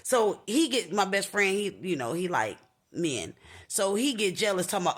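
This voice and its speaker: A boisterous young woman chatting straight to her viewers in a casual storytime. Her talk is slangy and animated, and she slips into other people's voices as she retells what they said. Her voice sits at an ordinary middle pitch for a woman. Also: normal speed. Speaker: vlogger telling a personal story.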